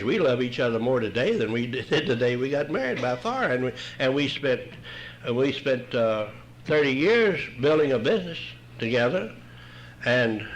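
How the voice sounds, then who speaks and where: A man's voice: mid-range voice, slight background noise, rough recording. An older man, telling his own story at a recovery meeting in a folksy, wry way. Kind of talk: humorous personal storytelling talk.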